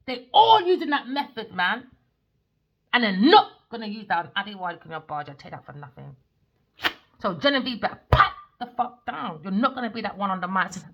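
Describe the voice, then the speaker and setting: A woman's voice: mid-range voice, very animated, a little fast, a bit bright. A woman, a tarot reader ranting in a blunt, heated, sweary monologue.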